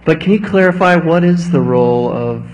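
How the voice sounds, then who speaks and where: A man from the audience who asks a thoughtful, measured question. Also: a little high, animated, a little mellow, slight background noise, rough recording. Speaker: audience member.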